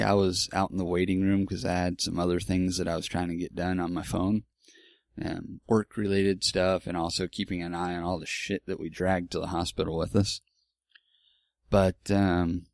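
A man's voice: low voice, vocal fry, darkish tone, dry recording, clean studio sound. A man in his forties telling a personal story in a casual, rambling way, candid and with some swearing. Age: 40s. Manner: rambling, candid, with profanity and restarts.

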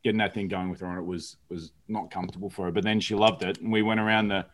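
Low-voiced guy on a podcast, talking through a family trip, kinda earnest. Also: flat delivery, fast talker, fairly bright tone. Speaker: podcast co-host. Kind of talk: casual chat.

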